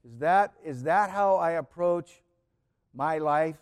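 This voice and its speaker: A man preaching a sermon in an earnest way, repeating key phrases and often dropping to a soft, quiet voice. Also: fairly high pitch, slow pace, smooth, in a large hall.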